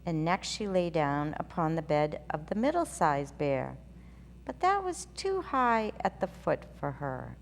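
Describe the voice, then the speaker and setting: A woman hosting a children's story show, reading a storybook aloud in a gentle, sing-song way. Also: deep voice, very animated, unhurried, gravelly. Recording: reverberant room with faint hum.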